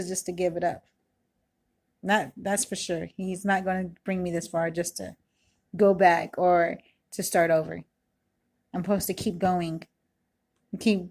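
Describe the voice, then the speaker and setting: A woman in her thirties giving an earnest, rambling personal testimony at home, full of "you know" and "like", recorded close in a kitchen. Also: medium pitch. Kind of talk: casual spoken testimony. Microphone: self-recorded video, close mic.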